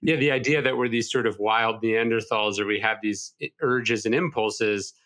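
A man's voice: lowish voice, normal speed, a bit bright. A male podcast host in an interview, speaking in a reflective, thoughtful way with small hesitations. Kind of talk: interview conversation.

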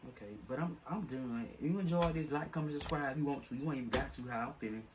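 A man's voice: medium pitch, quick pace, slight background noise. A man vlogging to camera, venting in an irritated, fed-up, rambling rant full of slang.

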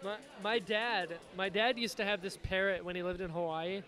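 A man hosting a podcast in casual chat, easygoing and quick to laugh, with short agreeing replies. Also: high-pitched, pushed and bright, soft background music. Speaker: podcast host.

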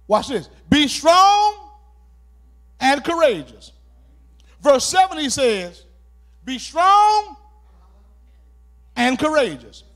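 Man, pastor, sermon, animated pitch, repeats and shouts phrases. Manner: call-and-response preaching, shouting key words and repeating phrases.

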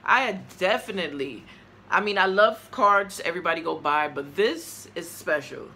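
A woman's voice: on the low side, expressive, normal speed, sharp tone. A woman opening fan mail for her vlog, chatty and gushing as she talks straight to her viewers. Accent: New York. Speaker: vlogger.

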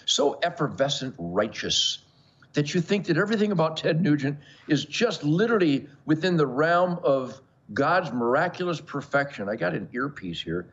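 Boastful older man, husky and animated. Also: mid-range voice, dull audio. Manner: boastful, bombastic, jokey, with frequent laughs. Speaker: show host. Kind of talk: rambling monologue to camera.

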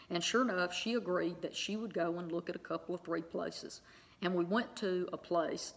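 Middle-aged woman, low and gravelly, chatty storyteller to her online audience, lots of fillers. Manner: chatty, many fillers and tag questions. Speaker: online Bible teacher. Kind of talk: personal storytelling to viewers.

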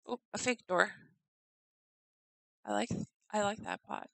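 A woman's voice: medium pitch, takes it slowly, vocal fry, pauses often, fairly bright tone, no echo, rough recording. Giggly woman touring a game house. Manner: giggly, chatty, stumbles over names. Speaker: game house tour video maker. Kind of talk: casual game commentary.

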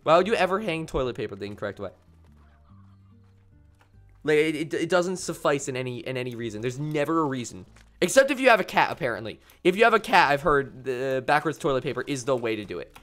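Animated young male game streamer. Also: medium pitch, fast, soft background music. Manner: rambling, playful, reads chat aloud. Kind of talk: casual gameplay commentary.

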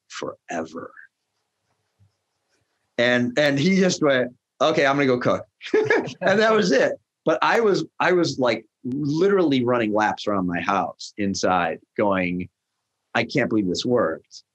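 A middle-aged man, a restaurant tech founder, telling stories in an interview and acting out the lines of the people in them. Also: highs cut off. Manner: acts out quoted dialogue with jumps in pitch. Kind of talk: animated storytelling in a podcast interview.

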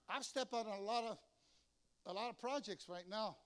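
An older man preaching a sermon as pastor, telling lively stories and acting out the voices of the people in them. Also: high voice, quick pace. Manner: storytelling, animated, acts out voices in anecdotes. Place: church sanctuary.

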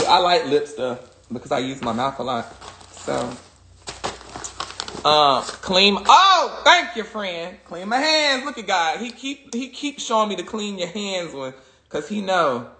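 A woman's voice: fairly low pitch, animated, measured pace, fairly bright tone, reverberant, slight background noise. A woman chatting crudely and laughing a lot on a phone livestream. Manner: crude, joking, laughs often. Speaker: social media personality. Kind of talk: casual livestream chat.

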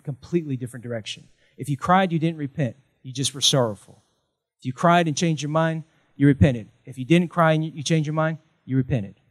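Here a middle-aged man serves as pastor, giving a lively sermon full of chants and back-and-forth with the congregation, in a voice on the high side.

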